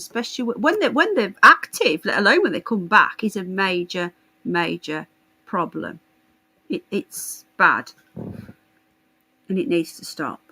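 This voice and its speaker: A woman's voice: mid-range voice, pushed and bright, husky, poor audio. A woman hosting a live stream, chatting casually with viewers in a blunt, sarcastic and sweary way. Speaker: livestream host.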